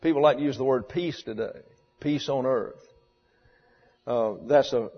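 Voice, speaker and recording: A male pastor preaches in a husky voice, blunt and wry, tossing rhetorical questions at his congregation. The sound is dull and muffled, with a long church echo trailing behind him. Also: mid-range voice. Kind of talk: sermon. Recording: dull echoey church recording.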